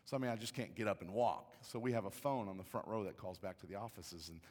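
A man's voice: lowish voice, quick pace. Man preaching in a reverberant hall. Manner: conversational, repeats words, grows loud and excited in the story. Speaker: pastor. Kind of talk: sermon with a personal story. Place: church auditorium. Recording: long reverb of a large hall.

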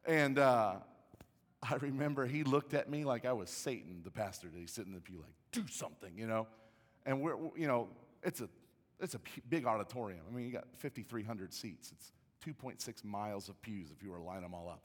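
Male pastor, conversational preacher, repeats himself, builds to loud excitement; church hall with a long echo. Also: on the low side, a little fast. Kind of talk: sermon with a personal story. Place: church auditorium. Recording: long reverb of a large hall.

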